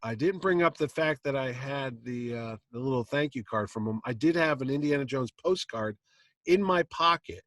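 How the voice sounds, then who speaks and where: A man's voice: mid-range voice, normal speed, dry recording. A man hosting a convention panel, telling a story with plenty of acted-out quotes. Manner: lively anecdote, acting out quotes. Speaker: comic con panel host telling a story. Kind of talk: animated storytelling. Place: convention stage.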